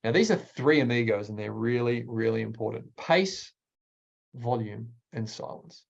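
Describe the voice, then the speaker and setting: A man, a speaking coach presenting a workshop in an energetic, emphatic way with deliberate pauses. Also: vocal fry, dull audio. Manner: energetic, emphatic, varies pitch widely.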